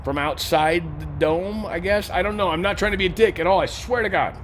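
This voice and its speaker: A man hosting a casual news commentary show. He rambles, jokes and swears, and his pitch and loudness swing a lot. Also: fairly quick, a little hiss or hum. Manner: joking, rambling, profane. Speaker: show host.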